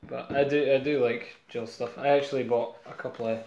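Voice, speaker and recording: A man's voice: medium pitch, fairly even intonation, fairly quick, darkish tone, dull audio, a little hiss or hum. A man chatting eagerly about comics as a co-host, easygoing and chatty. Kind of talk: casual chat about comics. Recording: roomy echo.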